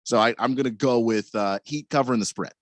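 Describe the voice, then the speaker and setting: A man's voice: medium pitch, fast, dry recording. A man co-hosting a sports radio show, giving his picks in an easygoing, folksy way with some stammering. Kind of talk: casual sports talk. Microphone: studio microphone.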